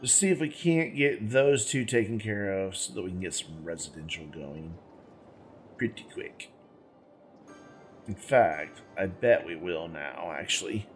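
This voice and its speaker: This gaming-channel host has a low voice with lively intonation and takes his time, soft music playing underneath. He plays and thinks out loud in a casual let's-play, rambling and correcting himself along the way.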